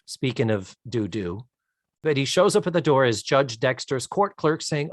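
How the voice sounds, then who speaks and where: Animated man recapping a show. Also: medium pitch, normal speed, no room sound, studio quality. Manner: animated storyteller, laughing often. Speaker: podcast co-host. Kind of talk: casual chat, recapping a TV episode.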